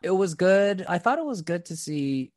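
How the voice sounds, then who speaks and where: A man's voice: high-pitched, very animated, moderate pace, no echo, studio quality. Laid-back man co-hosting a podcast. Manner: laid-back, laughs often, swears casually. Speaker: podcast co-host. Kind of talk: casual chat.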